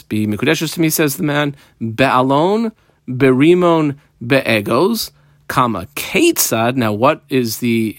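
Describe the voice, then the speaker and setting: A man's voice: medium pitch, dry recording, studio quality. A man teaching a Talmud page line by line, explaining the text while marking it up aloud.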